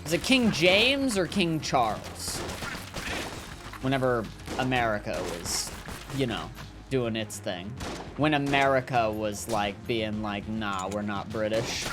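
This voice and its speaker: A man's voice: mid-range voice, animated, measured pace, music in the background. Rambling jokey gaming streamer guy. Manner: rambling, jokey, lots of fillers. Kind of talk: casual gameplay commentary, reading chat.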